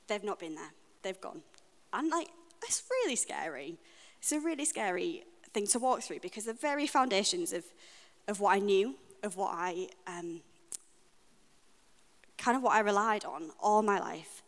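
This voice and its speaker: A woman's voice: medium pitch, animated. Earnest woman preaching in a reverberant hall. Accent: British English. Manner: earnest, personal, reflective with frequent pauses. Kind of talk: sermon. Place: church hall. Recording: long reverb of a church hall.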